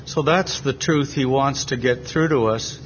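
A North American man expounding a Bible passage in an earnest, deliberate way with pauses, in a dull lo-fi meeting recording. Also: medium pitch, slight background noise. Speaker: preacher at a Bible reading. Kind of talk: slow, measured Bible exposition.

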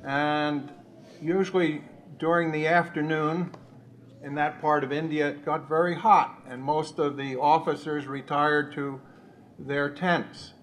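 A man in a Bible study, slowly recounting a missionary story with many pauses and fillers. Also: fairly high pitch, fairly even intonation, a bit bright, a little hiss or hum. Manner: slow, measured storytelling with frequent uh fillers.

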